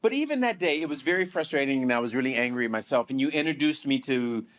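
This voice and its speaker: Middle-aged male guest, self-deprecating and chatty, very expressive pitch. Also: fast talker. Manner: self-deprecating, animated, laughing often. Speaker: guest actor. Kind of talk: casual podcast chat.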